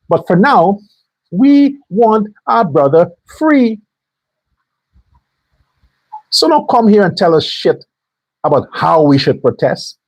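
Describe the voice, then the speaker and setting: A man's voice: fairly high pitch, darkish tone, breathy edge, no room sound, poor audio. A man delivering an angry, profane political commentary rant as a show host. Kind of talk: heated political commentary monologue.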